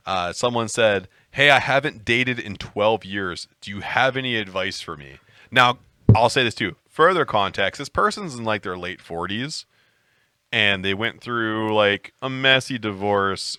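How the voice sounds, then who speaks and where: A man in his thirties co-hosting a casual podcast, with a deep, rough voice and a joking, profane, teasing manner. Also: normal speed, pushed and bright, dry recording, studio quality. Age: 30s. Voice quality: deep, rough voice he calls a hangover voice. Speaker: podcast co-host.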